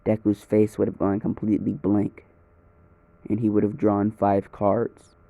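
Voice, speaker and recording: Dude telling a fan story, rambling and cussing, slow talker, dry muffled mic. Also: male voice, on the low side, completely flat delivery, creaky, no room sound. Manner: rambling, casual, swears freely. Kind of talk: improvised fan story narration. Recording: dull lo-fi recording.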